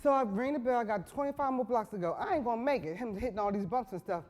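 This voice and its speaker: Middle-aged woman talk show host, blunt comic storyteller, earthy, loud when excited. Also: on the high side, fast. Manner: frank, earthy, builds to loud excited bursts.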